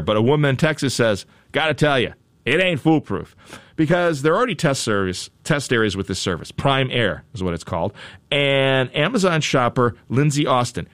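A man's voice: medium pitch, a bit bright, no echo. A man hosting a show, chatting casually about news stories in a wry, joking way, often repeating phrases for emphasis. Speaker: radio show host.

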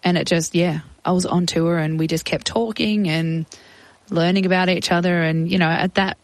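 A woman's voice: lowish voice, steady tone, normal speed, no echo, low-quality recording. A young woman recounting her past as an interview guest, chatty and acting out quoted voices. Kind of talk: casual storytelling.

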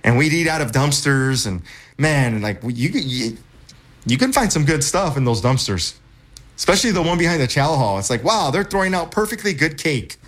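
A man's voice: a little high, very animated, moderate pace. A man in his thirties, an army veteran, telling his own story in a candid, conversational way. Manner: candid, conversational, reenacts shouted moments. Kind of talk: personal storytelling.

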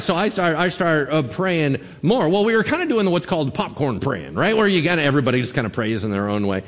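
A man's voice: fairly high pitch, normal speed, in a large hall, a little hiss or hum. A man preaching a sermon as pastor, telling stories animatedly and acting out the lines people said. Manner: animated storytelling, acting out quotes.

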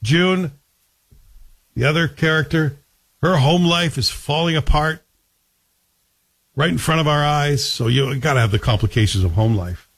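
A man talks through a TV series in a relaxed, chatty way, with a slightly raised pitch. His voice is a little husky. He is wry and often turns to the listener with questions. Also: measured pace, pauses often. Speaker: TV reviewer. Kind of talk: casual spoken TV review.

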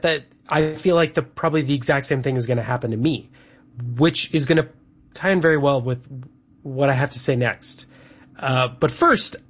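A man's voice: a little high, breathy edge. A man from Canada co-hosting a show, rambling chattily through lists with lots of fillers. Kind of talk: casual chat. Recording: dull lo-fi sound.

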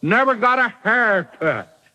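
A high-voiced male preacher, bright in tone, takes a slow pace and swings his pitch dramatically as he voices the quotes he cites. His delivery is forceful and theatrical throughout. The audio is low quality and thin, like an old radio program.

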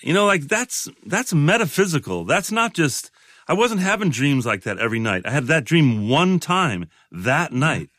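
Halting, reflective man in his sixties. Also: a little high, big pitch swings, fairly bright tone, no echo, clean studio sound. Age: 60s. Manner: halting and reflective, many restarts. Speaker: guest. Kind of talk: casual conversation.

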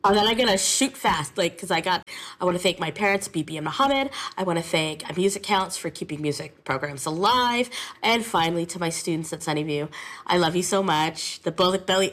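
A lively woman who teaches music, chatting in an interview with plenty of feeling. Her voice sits a little low for a woman. She talks in an animated, chatty way. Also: normal speed. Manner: animated, chatty, emotional storytelling. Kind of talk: conversational interview.

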